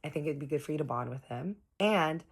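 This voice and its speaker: Woman, very deep voice, chatty storytime narrator who quotes everyone herself. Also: animated, brisk, breathy edge. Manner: chatty, quoting others in her own voice.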